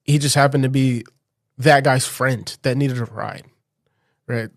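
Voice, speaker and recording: A man recounts a personal story in a relaxed podcast conversation. His voice sits in a middle register. It is recorded close and dry, with almost no room sound, and he laughs often as he talks. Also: medium pitch, unhurried, dry recording. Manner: animated, laughs often while telling a story. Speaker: podcast guest. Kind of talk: casual storytelling.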